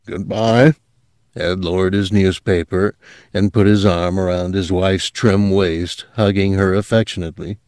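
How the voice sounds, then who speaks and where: A man reading a story aloud as narrator, measured and steady, dropping quiet at moments. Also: low-pitched, clear, resonant tone, no echo, clean studio sound. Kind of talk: audiobook narration.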